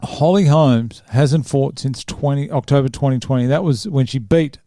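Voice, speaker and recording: A man's voice: medium pitch, moderate pace, dark tone, no echo, studio quality. A man hosting a casual podcast, rambling and thinking aloud as he goes through his notes. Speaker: podcast host. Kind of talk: casual sports chat.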